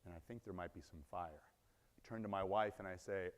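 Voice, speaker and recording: A man's voice: low voice, brisk. A man giving a conference keynote, telling a story animatedly, acting out the scenes and asking the audience questions. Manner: animated, acts out scenes, asks the crowd questions. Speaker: conference speaker. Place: large conference hall. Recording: long reverb in a large hall.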